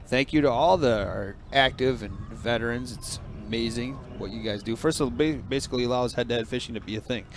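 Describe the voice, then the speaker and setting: A man hosting a fishing store's livestream in casual live commentary, upbeat with quick bursts of excitement, with a frog in his throat. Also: mid-range voice, background noise.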